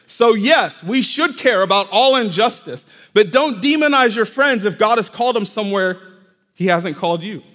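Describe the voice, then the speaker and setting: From the pulpit of a church sanctuary, a pastor with a fairly high voice delivers a sermon, talking conversationally and checking in with the congregation directly. His delivery is expressive and sharp in tone at a moderate pace, and the hall's long reverb trails after each word.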